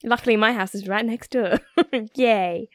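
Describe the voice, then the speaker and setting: A woman's voice: on the high side, a little slow, dry recording. Giggly woman gaming with family. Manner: giggly, playful. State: voice going hoarse. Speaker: let's play host. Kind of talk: casual gaming chat.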